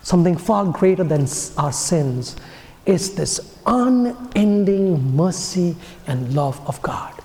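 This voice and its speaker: Priest telling a story in an echoing church. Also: male voice, high voice, animated. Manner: slow, earnest storytelling with soft, dropping phrase ends. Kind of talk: homily. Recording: echoey church with long reverb.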